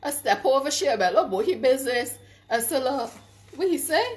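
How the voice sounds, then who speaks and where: A middle-aged woman, telling stories in a casual vlog, animated, laughing often, and stopping to give advice. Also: high voice, a little fast. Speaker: vlogger.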